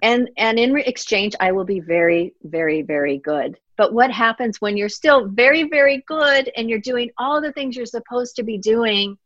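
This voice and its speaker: A woman's voice: fairly high pitch, expressive, normal speed, hardly any pauses, fairly bright tone, dry recording. A middle-aged woman speaks as an author guest in a reflective interview. She is earnest and heartfelt, and she often acts out the words she said at earlier times. The recording is dry and a little dull, with no room sound. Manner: earnest and heartfelt, reenacts her own past words.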